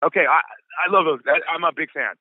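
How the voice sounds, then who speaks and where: A man's voice: on the high side, quick pace, no room sound. Laid-back man on a tinny line. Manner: laid-back, says dude and like a lot. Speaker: guest, punk band singer. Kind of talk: casual storytelling chat. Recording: tinny phone-like line, dry.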